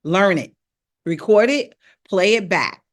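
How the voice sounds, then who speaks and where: A woman coaching voice in a relaxed live stream, talking straight to her viewers. She repeats her points, checks in often and drops into quick rap lines and tongue twisters to show the drills. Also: mid-range voice. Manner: encouraging, repetitive, rapping drills aloud. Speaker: vocal coach.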